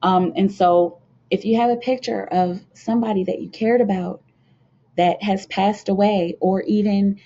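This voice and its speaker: A woman's voice: medium pitch, fairly even intonation, a little slow, warm tone. A young woman from the United States giving a casual spiritual talk to her viewers, earnest and rambling, with many fillers and restarts. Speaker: spiritual card reader hosting a channel. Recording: dull lo-fi home video sound.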